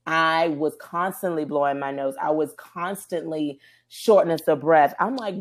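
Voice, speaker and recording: A woman co-hosting a podcast, telling stories in an animated, emphatic way during casual chat. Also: low voice, a little slow. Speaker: podcast co-host.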